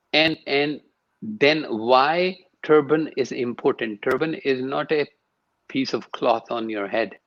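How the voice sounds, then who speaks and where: The guest in this interview is a man who teaches yoga and sound, talking emphatically and repeating words for stress. His voice is mid-range, captured in a muffled recording.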